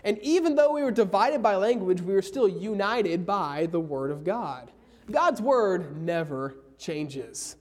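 A man preaching a sermon, slowing down hard on key phrases and reading scripture aloud. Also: sits high, lively intonation, darkish tone. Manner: emphatic, slows down for key phrases.

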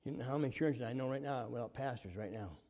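A man preaching a sermon, fervent, swinging from loud to hushed. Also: mid-range voice, quick pace. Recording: long hall reverb.

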